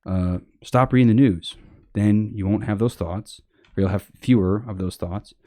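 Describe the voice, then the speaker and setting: A man talking in a casual opinion monologue, rambling and blunt, with many fillers and swearing, and mocking others in high sarcastic voices. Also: moderate pace, mellow, no room sound, clean studio sound. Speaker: podcast host.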